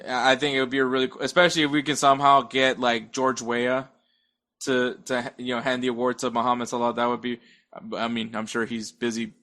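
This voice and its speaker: A man's voice: medium pitch, little pitch movement, brisk, sharp tone. A young man in casual sports chat as a podcast guest, stammering, restarting his sentences and chuckling between points.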